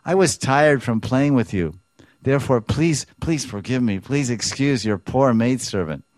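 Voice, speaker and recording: A man's voice: medium pitch, measured pace, darkish tone, no room sound, voice pushed up, lightly acted. A humble, remorseful young woman pleads for forgiveness, her voice lifted and imploring, as a male preacher puts her on. The recording is dry and close, with no room sound around it. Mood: pleading.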